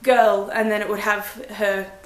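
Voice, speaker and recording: A woman's voice: fairly high pitch, moderate pace, a bit bright, echoey room. A young woman giving a blunt, chatty, self-deprecating book review in a casual vlog. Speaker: book vlogger.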